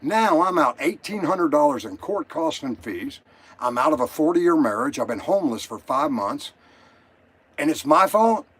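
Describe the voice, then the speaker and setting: Older male caller, slightly high husky voice, agitated and profane. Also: expressive, normal speed, fairly bright tone. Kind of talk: emotional call-in story.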